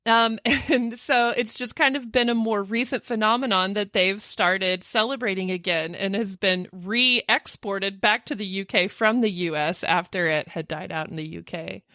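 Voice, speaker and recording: A woman's voice: mid-range voice, normal speed, few pauses, no echo, clean studio sound. A woman co-hosting a podcast, telling spooky history in a casual, jokey way with frequent laughter. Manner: animated, laughs often, jokey asides. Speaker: podcast co-host. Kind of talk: casual storytelling chat.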